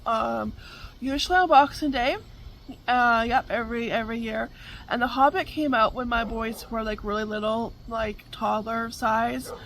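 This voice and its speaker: A woman's voice: on the high side, steady tone, normal speed, a bit bright, slight background noise, rough recording. A middle-aged woman, hosting a casual chat, rambling with many fillers and frequent laughter. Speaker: vlog host.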